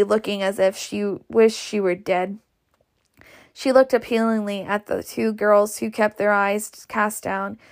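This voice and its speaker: A woman's voice: medium pitch, gravelly. A woman narrating an audiobook, with occasional slips and restarts. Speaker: audiobook reader.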